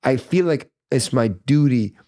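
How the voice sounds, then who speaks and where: A man's voice: medium pitch, animated, a little slow, warm tone. A man hosting a podcast, telling a story in casual chat, earnest and stumbling over repeated words. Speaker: podcast host.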